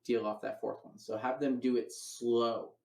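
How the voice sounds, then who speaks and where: Gravelly man teaching a coin trick. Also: medium pitch, level tone, normal speed, darkish tone, echoey room, slight background noise, low-quality recording. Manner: explains coin sleights step by step, acts out patter. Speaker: magic teacher. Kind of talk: casual online magic lecture. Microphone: online voice call.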